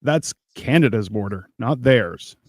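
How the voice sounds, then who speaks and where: A man's voice: mid-range voice, animated, unhurried, no echo. A man on a podcast, ranting in a casual, profane way and mocking others in put-on voices. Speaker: podcast co-host.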